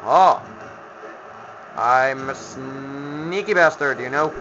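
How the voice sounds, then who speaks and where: A Finnish man provides let's play commentary on a video game he's playing, grumbling, being sarcastic and swearing at the enemies. His voice is mid-range and slow. The lo-fi home mic picks up background noise.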